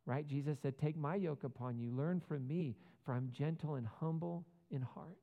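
A male pastor with a somewhat high, gravelly voice preaching in an earnest, conversational way. His words ring out with a long hall echo, and the sound is slightly muffled. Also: normal speed. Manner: conversational, earnest preaching with asides and rhetorical questions. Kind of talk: sermon.

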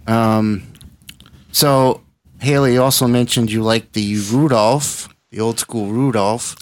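A man's voice: mid-range voice, steady tone, slow pace, no room sound. A man with an everyday mid-range voice co-hosts a podcast. He chats casually, asking the others questions and moving the talk along. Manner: asks questions, steers the talk. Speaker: podcast co-host. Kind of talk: casual chat.

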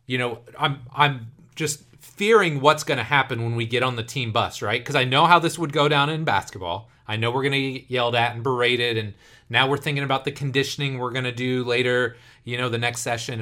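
A man in his thirties hosting a podcast, telling stories in an animated way and acting out the voices he quotes. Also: medium pitch. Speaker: podcast host and youth coach. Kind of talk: casual podcast conversation.

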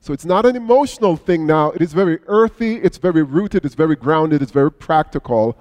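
A man's voice: on the high side, animated, fairly quick. Man preaching in a reverberant hall. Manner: storytelling, dynamic swings from hushed to raised. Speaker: pastor. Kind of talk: sermon.

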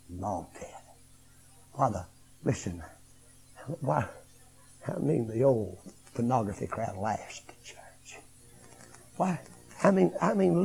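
A middle-aged man preaching a revival sermon, swinging from hushed tones to shouting. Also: mid-range voice, creaky, poor audio.

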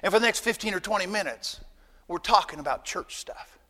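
A man preaching a sermon as pastor, folksy and emphatic, swinging between loud bursts and quiet asides. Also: high-pitched, expressive, brisk, big-room sound.

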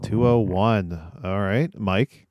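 A man's voice: on the low side, steady tone, slow, a little mellow, slight background noise. Man hosting a casual guessing game. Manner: quizzes the others, moves the game along. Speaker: podcast host running a guessing game. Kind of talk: casual chat.

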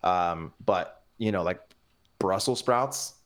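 A man's voice: low voice, slow pace, slight background noise. A man talking as a podcast guest in casual chat, with lots of inflection and plenty of fillers. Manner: animated, inflected delivery with many fillers.

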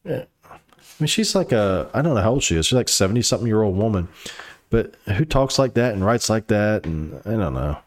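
A man's voice: on the low side, sing-song, brisk. A man delivering a casual, rambling political commentary monologue, sarcastic, reading news items aloud with asides. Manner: frequent fillers and restarts.

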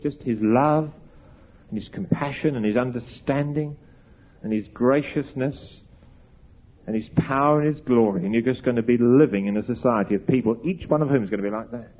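Preacher guy, husky voice, earnest and pleading, tinny phone-like sound. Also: medium pitch, brisk. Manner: earnest, pleading, rising to emphatic peaks. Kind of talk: evangelistic sermon.

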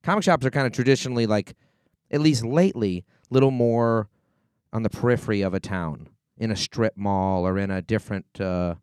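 A man's voice: fairly low pitch, brisk, a little mellow, clear, resonant tone, dry recording, clean studio sound. A man co-hosting a casual podcast, telling rambling stories with animation. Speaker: podcast co-host.

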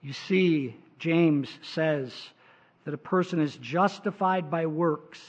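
A man preaching a sermon as pastor, emphatic, with frequent filler sounds and pitch that climbs for stress. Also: slow pace. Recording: dull lo-fi sermon recording.

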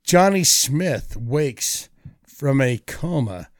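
A man hosting a casual podcast, reading out movie trivia and quiz clues in a slow, deliberate way. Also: medium pitch, expressive, no room sound, studio quality.

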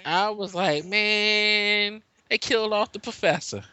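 A man's voice: sits high, fairly quick, fairly bright tone. A man co-hosting a casual movie podcast, laid-back, with short replies and casual grammar. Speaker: podcast co-host. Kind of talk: casual movie review chat. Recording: dry, dull lo-fi sound.

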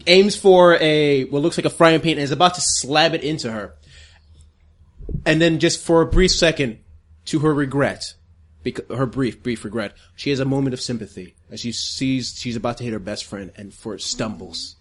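A man playing a tabletop horror game, narrating his character's grisly end. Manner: dramatic, drops low and slow for grim narration. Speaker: player.

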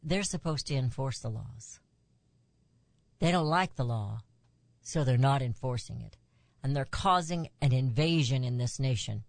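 An expressive, unhurried woman with vocal fry hosts a political radio program in a dry recording. Her monologue is emphatic, rising in pitch on key points and broken up by asides.

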